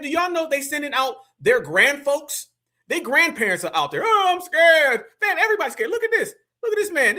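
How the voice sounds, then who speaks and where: A man's voice: very high voice, sharp tone. A man hosting a live reaction stream, talking emphatically and mockingly with frequent laughter.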